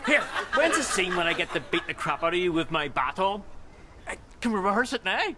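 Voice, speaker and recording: A man's voice: sits high, big pitch swings, fairly quick, very noisy. An actor playing a gleeful, blunt man eager to act a brutal policeman.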